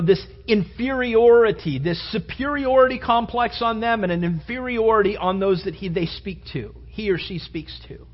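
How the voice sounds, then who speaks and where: High-voiced fervent preacher, echoing hall. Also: male voice, husky. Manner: fervent, repeats phrases for emphasis, rising and falling delivery. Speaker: pastor. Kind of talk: sermon. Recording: dull lo-fi sound with long hall reverb.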